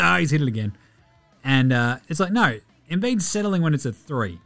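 A man with an Australian accent hosting a casual basketball recap podcast, sweary and excitable, mocking players in silly voices. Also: a little high, brisk, soft background music. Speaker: podcast host.

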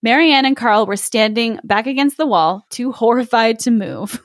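A woman's voice: a little high, unhurried, no room sound, clean studio sound. A woman reading a folktale aloud in a casual chat, often laughing and breaking off to comment. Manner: giggly, reads with lively interjections. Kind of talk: casual podcast chat with read-aloud story.

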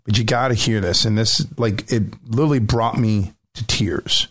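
A man's voice: lowish voice, moderate pace. A man chatting casually as a streamer guest, telling a story with feeling, with frequent restarts. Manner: emotional, animated storytelling with many restarts. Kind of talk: casual chat.

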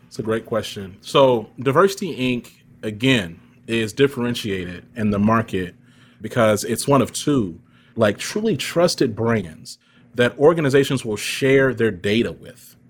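Casting: man in his 30s, interview guest, emphatic storyteller, mid pitch, heard over a video call. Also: expressive, a little slow. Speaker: guest speaker. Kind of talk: conversational interview answer.

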